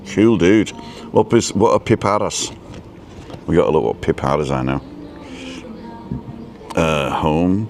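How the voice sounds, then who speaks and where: A man's voice: deep voice, measured pace, pauses often, soft background music. A man hosting a casual live stream outdoors at a viewpoint cafe, reading a menu aloud and chatting with viewers.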